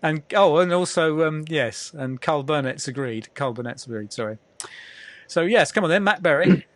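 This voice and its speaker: A man's voice: fairly high pitch, animated, normal speed, no echo. A man hosting a casual interview, chatty and rambling with plenty of fillers. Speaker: interviewer, host. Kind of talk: casual video-call interview.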